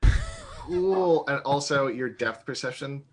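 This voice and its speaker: A man's voice: medium pitch, fairly bright tone, a little hiss or hum. Eager, rambling man on a podcast. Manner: eager and rambling, quick asides. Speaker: guest game master. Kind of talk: casual podcast chat.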